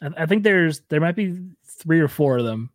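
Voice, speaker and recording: Podcast co-host, male, fairly high voice, loose and rambling, lots of swearing and laughter; dead-dry close mic. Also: animated, normal speed, dry recording. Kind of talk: casual chat.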